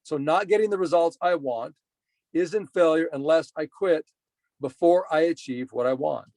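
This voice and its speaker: A man's voice: fairly high pitch, moderate pace, darkish tone, no room sound. A middle-aged man giving a motivational talk, telling a personal story and repeating his main points for emphasis. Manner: earnest, repetitive emphasis. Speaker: motivational speaker.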